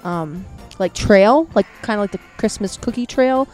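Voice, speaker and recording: A woman co-hosting a casual podcast, chatting and reading food and drink items slowly and carefully, recorded outdoors. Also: medium pitch, darkish tone, faint music behind. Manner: chatty, reads item names slowly and carefully. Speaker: podcast co-host. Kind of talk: casual chat reading a menu. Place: outdoors at home.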